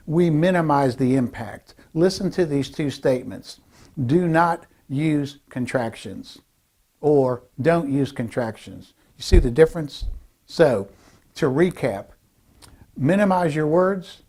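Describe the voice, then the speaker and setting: Deliberate man coaching with a mellow voice. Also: fairly high pitch. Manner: emphatic, deliberate, slows down on key phrases. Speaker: speaking coach. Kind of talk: direct-to-camera instructional talk.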